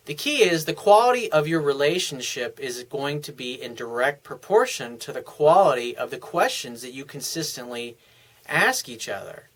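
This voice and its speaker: A man's voice: medium pitch, lively intonation, normal speed, a bit bright. A man giving frank, blunt relationship advice in a casual, coaching monologue.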